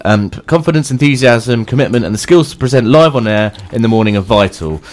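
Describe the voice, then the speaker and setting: Co-hosting a radio show, a man jokes around and reads a job advert aloud, peppering it with lots of ums. His medium-pitched voice is expressive and a little fast in this casual banter.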